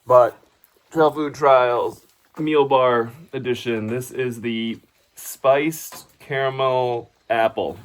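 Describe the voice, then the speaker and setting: A man's voice: medium pitch, fairly even intonation, takes it slowly. A man chatting casually to the camera on a long hike, tired and wry, outdoors on a forest trail. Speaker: hiking vlogger.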